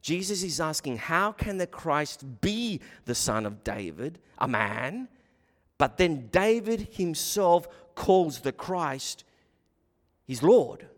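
A man's voice: a little high, very animated, slow. A man preaching an expository sermon with an emphatic delivery that rises and falls and repeats words as he works through scripture. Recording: long reverb of a hall.

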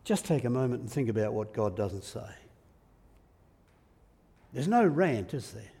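A man's voice: medium pitch, very animated, unhurried, warm tone, slightly rough. A male preacher giving a sermon in a church, reflective in manner and asking the listeners rhetorical tag questions. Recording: echoey hall reverb.

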